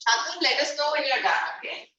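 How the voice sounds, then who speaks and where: A woman's voice: high-pitched, lively intonation, fairly quick, bright, forceful tone, highs cut off. A woman with an Indian English accent teaching an online class, quizzing students and slipping into Hindi phrases. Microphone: video call. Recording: echoey, distant, noisy call audio.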